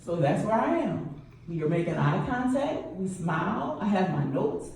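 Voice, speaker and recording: A middle-aged woman giving a lively motivational talk at a church event, often asking the audience questions. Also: lowish voice, unhurried, creaky. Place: church hall. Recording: roomy echo, distant mic, faint hum.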